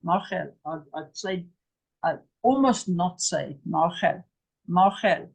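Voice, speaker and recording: Her voice is fairly low, animated and slow, creaky with a breathy edge, and the recording is rough. This Hebrew teacher from England patiently says each word again and spells it letter by letter.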